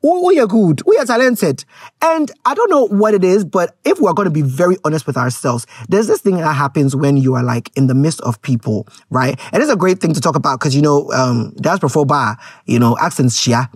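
A woman's voice: low voice, animated, brisk, darkish tone, husky, no echo, studio quality. A woman with a Ghanaian accent gives frank, rambling casual commentary to her viewers, slipping Twi words into her English.

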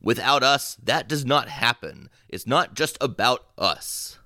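A man's voice: mid-range voice, big pitch swings, measured pace, gravelly, sharp tone, no echo, clean studio sound, full character voice. A man voicing a stern, duty-bound male family patriarch who lectures solemnly during a tabletop role-play.

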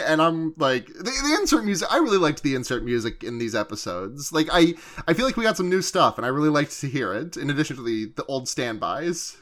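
A high-voiced man rambles through an anime recap in casual chat, his delivery excitable and loose. He swears freely and quotes the characters without fully acting them out. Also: brisk, hardly any pauses. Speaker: podcast co-host recapping anime.

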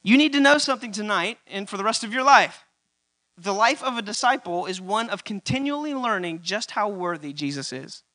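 A man preaching in church, his voice high and bright, repeating key lines and climbing to loud, emphatic peaks. A faint mains hum sits under the recording. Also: lively intonation, a little fast. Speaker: pastor. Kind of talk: sermon.

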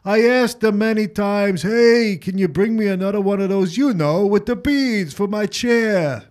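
An actor playing a grumbling elderly father in a nursing home, halting and cranky, trailing off mid-sentence. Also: sits high, darkish tone. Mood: complaining. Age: older.

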